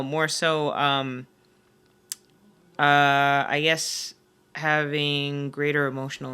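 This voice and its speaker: A woman in her twenties co-hosting a podcast, chatting casually and acting out quotes with big jumps in her voice. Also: gravelly. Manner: animated, acts out quotes with big pitch jumps. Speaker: podcast co-host. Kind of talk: casual chat.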